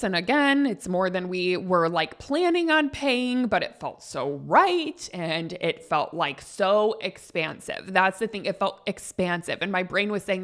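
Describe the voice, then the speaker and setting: A woman podcast host telling a personal story in a casual, animated, gushing way. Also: mid-range voice. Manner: animated, gushing, quick bursts of excitement.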